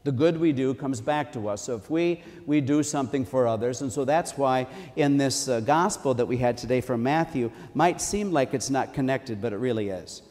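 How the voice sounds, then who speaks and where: A man's voice: medium pitch, moderate pace, hardly any pauses, darkish tone, long reverb tail. A man preaching a sermon in a church in a conversational tone, repeating key phrases for emphasis.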